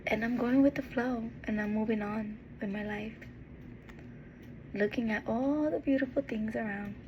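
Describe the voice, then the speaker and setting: A woman giving a heartfelt, encouraging monologue as a vlogger, earnest and tender, with pauses and restarts. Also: a little high, highs cut off, slight background noise. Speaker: motivational vlogger.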